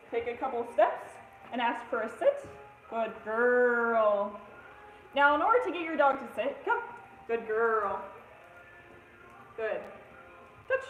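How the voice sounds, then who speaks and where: A high-pitched woman teaches dog obedience outdoors, mixing friendly explanation with short commands to her dog. She is picked up from a distance by the camera, so her voice sounds roomy and echoey. Clear background noise sits under her speech. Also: a bit bright. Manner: gives quick commands to a dog between explanations, upbeat and chatty. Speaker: dog trainer. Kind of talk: outdoor dog training demonstration.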